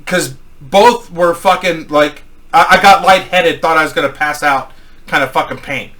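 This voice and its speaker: A middle-aged man spins a crude personal story, cursing constantly and rambling through restarts. His voice sits a little high and comes out bright and forceful. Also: normal speed. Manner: profane, rambling, animated storytelling with acted quotes. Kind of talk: crude casual anecdote.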